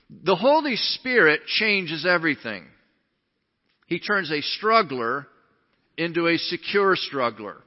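A man preaching a sermon as pastor, emphatic, swinging between sudden loud rises and quiet drops. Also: on the high side. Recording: dull sound with long hall reverb.

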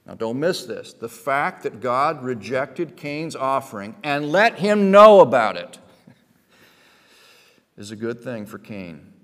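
A male pastor preaching a sermon. He moves from quiet storytelling to loud, emphatic preaching. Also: fairly low pitch, big-room sound.

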